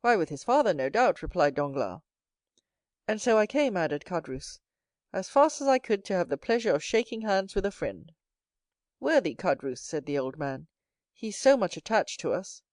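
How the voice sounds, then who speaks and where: A woman's voice: big pitch swings, normal speed, darkish tone, no echo. Dry, close woman narrating a classic novel. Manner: reads every character herself, lifting her pitch for the young hero. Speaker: audiobook narrator. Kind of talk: scripted narration.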